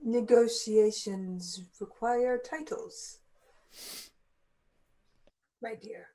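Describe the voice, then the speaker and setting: A woman's voice: fairly high pitch, extremely slow, warm tone, poor audio. A woman playing a formal fey courtier. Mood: haughty. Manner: formal, courtly, polite address. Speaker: player.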